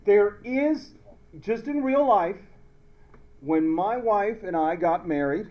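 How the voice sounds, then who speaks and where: A man's voice: sits high, lively intonation, slow pace, dull audio. A man teaching a chemistry class, playful, telling stories and repeating his questions. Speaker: high school chemistry teacher. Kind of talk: classroom lecture with jokes.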